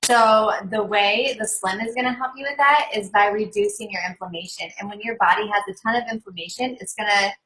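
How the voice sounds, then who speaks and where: A woman's voice: mid-range voice, brisk, hardly any pauses, fairly bright tone, a little hiss or hum, rough recording. A married woman in casual chat on a live call, telling self-mocking stories with laughter. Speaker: co-presenter.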